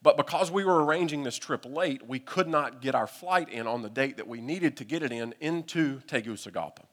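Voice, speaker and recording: A man's voice: mid-range voice, brisk. Southern man telling a story from the pulpit. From United States. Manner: animated, humorous storyteller. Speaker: pastor. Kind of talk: sermon storytelling. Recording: long reverb from a hall.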